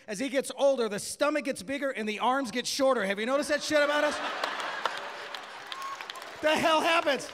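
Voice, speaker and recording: A man doing stand-up comedy on a club stage, brash and profane with loud bursts. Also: very high-pitched, normal speed, pauses often. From Mexican-American. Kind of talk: stand-up set. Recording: live club recording with hall echo and crowd noise. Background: crowd laughter.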